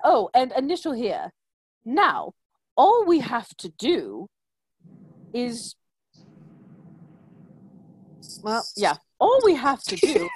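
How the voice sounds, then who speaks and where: Lady doing a smug creepy quack advisor guy, swoopy pitch, takes his time. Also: exaggerated voice.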